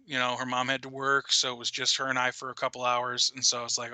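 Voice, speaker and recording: A man's voice: mid-range voice, little pitch movement, moderate pace, bright, forceful tone, smooth, dry recording. A man in his thirties co-hosting a casual geeky stream, chatty and rambling, laughing often as he talks. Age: 30s. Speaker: podcast co-host. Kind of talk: casual chat.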